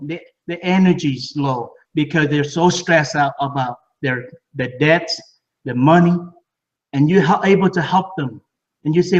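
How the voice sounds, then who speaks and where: Distant, muffled man pitching with excitement. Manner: repeats words, broken English phrasing. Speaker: speaker at a home business party. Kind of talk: enthusiastic sales pitch. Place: living room of a home party.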